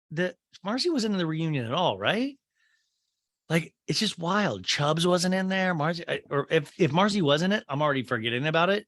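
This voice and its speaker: A man hosting a podcast, retelling a reality show reunion in a rambling, animated way with lots of fillers and quick voices for the cast. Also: on the high side, no echo, studio quality. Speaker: podcast host. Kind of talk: casual recap of a reality show.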